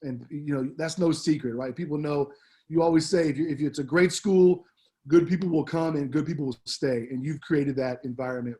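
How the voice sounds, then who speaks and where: A man's voice: fairly high pitch, fairly even intonation, a little fast, mellow. A middle-aged man, a departing assistant principal, giving an upbeat, heartfelt farewell speech on the school announcements, slangy and full of fillers.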